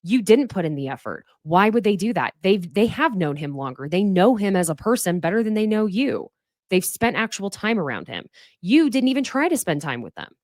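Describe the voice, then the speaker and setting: Animated sarcastic woman podcast recap. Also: medium pitch, normal speed, no room sound, studio quality. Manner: sarcastic, swears freely, mocks cast members in put-on voices. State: fighting off sneezes. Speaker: podcast host. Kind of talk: casual reality TV recap.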